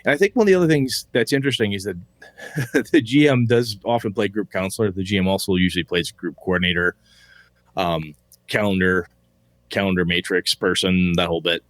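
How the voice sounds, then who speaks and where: A man's voice: low-pitched, fairly quick, dry recording. A man co-hosting a casual podcast chat, rambling loosely, swearing offhand and acting out quotes. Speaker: podcast co-host.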